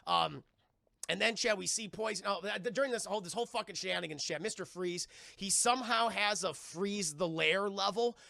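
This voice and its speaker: A man's voice: sits high, fairly quick, creaky, pushed and bright, no echo, clean studio sound. A man live-streaming a film recap, rambling with lots of swearing and often talking to his chat. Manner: profane, rambling, addresses chat.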